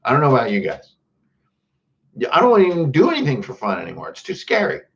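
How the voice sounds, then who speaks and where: A man's voice: mid-range voice, huge pitch swings, quick pace, creaky, lo-fi sound. Rambling, jokey man hosting a stream. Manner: rambling, jokey, greets chatters by name. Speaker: host. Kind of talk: casual livestream chat.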